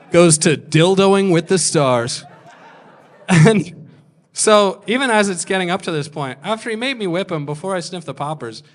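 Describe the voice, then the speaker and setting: A man doing stand-up at a comedy club, telling a long story in a deadpan way and acting out what people said. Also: a little high. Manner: deadpan delivery with acted-out quotes.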